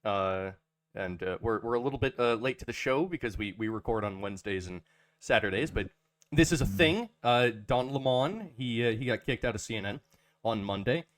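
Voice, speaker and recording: Halting casual podcast host, man. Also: mid-range voice, animated, a bit bright. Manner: halting, many restarts and fillers, reads ads jokingly.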